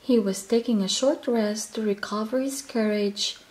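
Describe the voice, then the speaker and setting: A woman reading a children's picture book aloud in a gentle, expressive way. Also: medium pitch, moderate pace. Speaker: storyteller.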